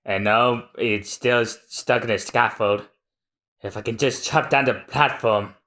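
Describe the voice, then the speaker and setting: A man co-hosting a podcast, reading a manga aloud in a halting way, with many restarts. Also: mid-range voice, bright, forceful tone. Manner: halting, lots of restarts and fillers. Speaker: podcast co-host.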